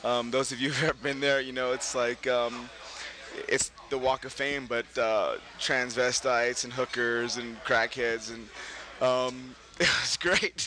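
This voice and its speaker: A middle-aged actor from Brooklyn, New York, appears as an interview guest, telling stories casually and laughing often. He's animated, and whenever he quotes someone his pitch jumps way up.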